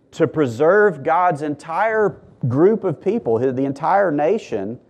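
A man pastor preaching a sermon to a congregation, earnest and teaching, with emphatic rises and quiet drops. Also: a little high.

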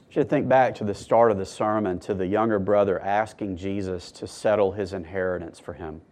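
A man pastor preaching a sermon to a congregation, earnest and teaching, with emphatic rises and quiet drops. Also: sits low, fairly even intonation, brisk.

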